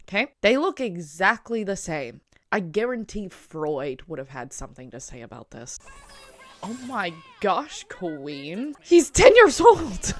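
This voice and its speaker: A woman's voice: mid-range voice, fairly bright tone. A young woman chatting casually and giggling as she reacts to a cartoon at home. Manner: chatty and giggly, full of filler "like". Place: home room at a desk chair.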